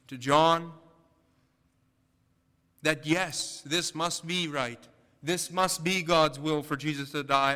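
A man preaching a sermon in a bright, crisp voice that carries. He presses his points with rhetorical questions and rising emphasis, with a long reverb trailing each phrase. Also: on the high side. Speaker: pastor.

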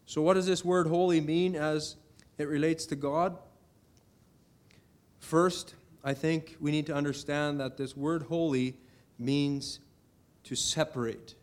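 A man's voice: a little high, steady tone, slow. Earnest man preaching a sermon. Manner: earnest preaching, rising to emphatic declarations on scripture.

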